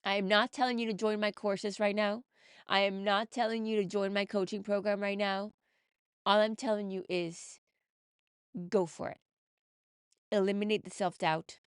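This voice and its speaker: Earnest woman motivational podcast host, smooth resonant voice, dry recording. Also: mid-range voice, steady tone, a little slow, pauses often, no echo. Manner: earnest, encouraging, emotional. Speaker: mindset coach and podcast host. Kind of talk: motivational monologue. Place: home recording setup in the UK.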